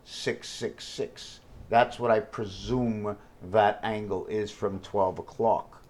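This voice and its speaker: A man's voice: lowish voice, steady tone, slow pace, a little mellow. A man talking alone to the camera in a rambling vlog, thinking aloud and hopping between numbers, wordplay and questions to himself. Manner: free-associating, jumps between numbers and wordplay; thinks aloud with many fillers and self-questions. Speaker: vlogger. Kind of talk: rambling solo vlog monologue.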